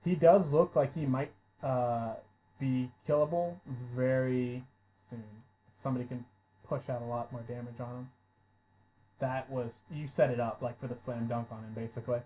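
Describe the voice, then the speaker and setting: A man running a tabletop role-playing game as game master, calling rolls and narrating the action, who gets loud and swears when surprised. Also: mid-range voice, fairly even intonation, moderate pace. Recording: dull lo-fi audio.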